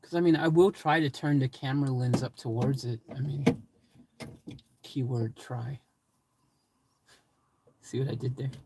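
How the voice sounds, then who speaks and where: A man's voice: medium pitch, fairly even intonation, a little slow, long pauses, noisy background. A man hosting a casual live stream from his van, joking and chatting with viewers in the live chat. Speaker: livestream host.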